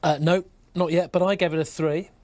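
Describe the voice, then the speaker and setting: Dry deadpan male radio sidekick. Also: on the high side, brisk, no room sound. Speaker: radio co-host. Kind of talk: comedic radio show chat. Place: radio studio.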